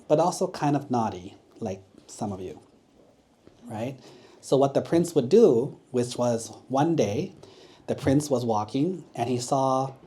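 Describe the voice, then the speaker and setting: A monk gently telling a story to children at a temple, often checking in with them. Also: male voice, mid-range voice. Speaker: Buddhist monk. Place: temple hall.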